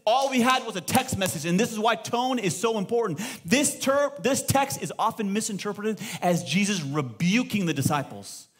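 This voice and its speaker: A man pastor preaching to a live church congregation, emphatic and lively, throwing rhetorical questions to the room. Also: high-pitched, moderate pace, hardly any pauses, breathy edge. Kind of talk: sermon.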